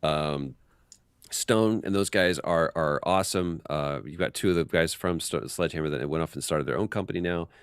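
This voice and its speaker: A man as an interview guest, telling animated behind-the-scenes stories and acting out quotes with frequent restarts. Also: low-pitched, normal speed, smooth, dry recording, studio quality. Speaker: voice actor guest. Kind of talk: casual interview storytelling.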